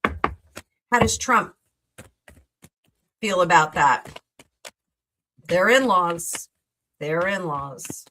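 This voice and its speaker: Low-voiced chatty tarot-reading woman. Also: lively intonation, very slow, long pauses, pushed and bright, low-quality recording. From New Jersey, USA. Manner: rambling, chatty, with many fillers and asides to viewers. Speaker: tarot reader and livestream host. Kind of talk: casual live tarot reading chat.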